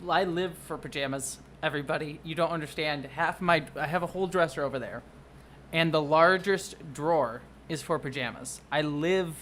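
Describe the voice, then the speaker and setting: Rambling, excitable streamer chatting from home at a mid-range pitch; quick to apologize. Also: a little hiss or hum. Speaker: livestreamer and video producer. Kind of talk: casual livestream chat. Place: at home under a blanket.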